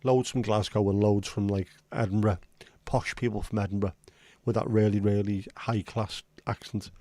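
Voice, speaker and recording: Male livestream host, rambling and blunt, mellow low voice, dry close sound. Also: level tone, moderate pace, dry recording. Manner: rambling, chatty, blunt with occasional swearing. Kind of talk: casual livestream chat.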